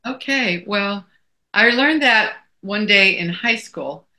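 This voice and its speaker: A woman's voice: mid-range voice, expressive, takes it slowly, sharp tone. A middle-aged woman co-hosting a casual chat, telling folksy stories. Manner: folksy storytelling. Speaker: co-host.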